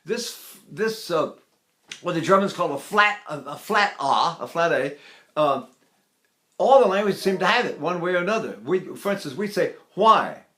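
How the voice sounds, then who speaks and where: A man's voice: high voice, lively intonation, moderate pace, fairly bright tone. An older man teaching voice with enthusiasm, breaking into sung vowel staccatos and breath demonstrations. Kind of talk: vocal lesson with sung demonstrations.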